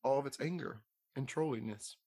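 A man's voice: mid-range voice, moderate pace, warm tone. A man co-hosting a podcast, joking and chiming in on a movie recap, laughing easily. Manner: playful, laughs easily, chimes in with agreement. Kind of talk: casual movie chat.

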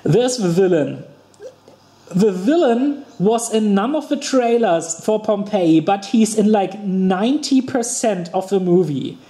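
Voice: medium pitch, animated, unhurried, warm tone, echoey room. A podcast co-host chatting about films, hesitant and often searching for names. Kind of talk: casual chat about films.

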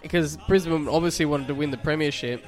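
A man's voice: on the high side, fast talker, soft background music. A man hosting a casual podcast, wisecracking and teasing his co-hosts. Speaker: podcast host. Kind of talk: casual chat.

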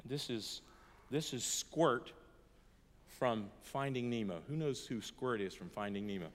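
A middle-aged American man preaching a sermon to a hall audience, earnest and emphatic, going from hushed to loud and chuckling through his stories. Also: medium pitch, normal speed. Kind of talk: sermon with personal storytelling. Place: large hall before an audience. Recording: long echoey hall reverb.

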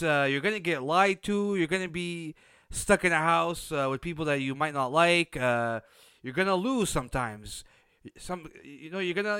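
A man's voice: on the high side, sharp tone, smooth, dry recording. A man hosting a podcast, giving a blunt, opinionated recap of a reality show in a casual, unsympathetic way. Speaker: podcast host.

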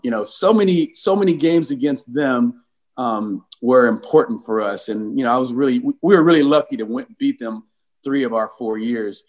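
A man in his sixties from California, a former football player telling lively game stories as an interview guest. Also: medium pitch, low-quality recording. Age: 60s. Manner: animated, acts out the voices in his stories. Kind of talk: casual storytelling interview.

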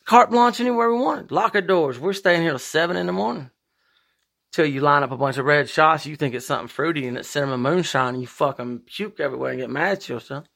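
A man hosting a podcast, talking in a profane, rambling monologue with big emphatic swings in pitch. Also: fast talker, gravelly, fairly bright tone. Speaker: podcast host. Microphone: podcast microphone.

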